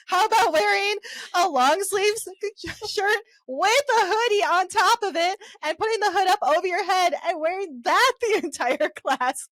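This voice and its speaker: A woman co-hosting a podcast in casual chat, teasing her friend and quick to laugh. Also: very high-pitched, a bit bright, no echo, studio quality. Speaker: podcast co-host.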